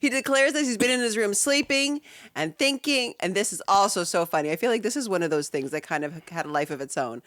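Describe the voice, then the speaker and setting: A woman co-hosting a podcast in casual chat, sick and stuffy, talking in an animated, laughing way over a remote setup. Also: medium pitch, a little fast, no echo, clean studio sound. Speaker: podcast co-host. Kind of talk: casual chat rewatching a sitcom. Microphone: remote call setup.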